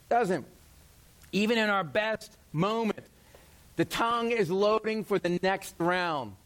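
Lively high-voiced male pastor preaching. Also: takes it slowly. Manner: animated, acts out quoted voices, self-deprecating humor. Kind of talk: sermon.

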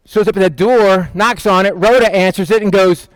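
A man preaching in a conversational style, asking the listeners questions and acting out quotes in quick voices. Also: high-pitched, fairly even intonation, dry recording. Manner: asks the listeners questions and answers them. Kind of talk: conversational Bible teaching.

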